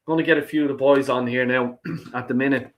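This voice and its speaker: A man's voice: mid-range voice, fairly even intonation, quick pace. A man hosting a football call-in stream, ranting heatedly and swearing heavily, often repeating himself. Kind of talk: heated fan rant.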